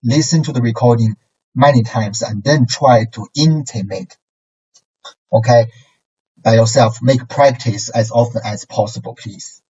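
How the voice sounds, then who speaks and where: Slow, husky male language teacher. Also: mid-range voice, a little mellow. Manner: patient, repetitive, checks in with okay and right; models syllables and tones for repetition. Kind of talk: recorded language lesson. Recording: distant, dull lo-fi sound.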